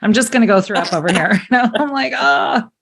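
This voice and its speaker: A woman in her forties hosting a casual chat, laughing often and reacting quickly. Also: a little high, lively intonation, vocal fry, background noise. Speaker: podcast host.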